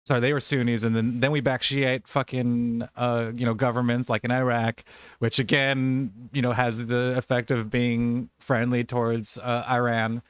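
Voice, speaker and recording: Brief: man, mid pitch, heated profane rambling rant, dry close mic. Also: smooth, no room sound. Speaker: podcast host. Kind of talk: casual political chat.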